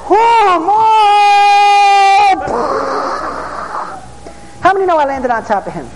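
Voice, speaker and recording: Brief: excitable New street preacher, man, high voice, shouts and amens, echoing hall. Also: very fast, very noisy. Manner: excitable, bursts into shouts, asks the crowd for amens. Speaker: preacher, former police officer. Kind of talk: storytelling sermon.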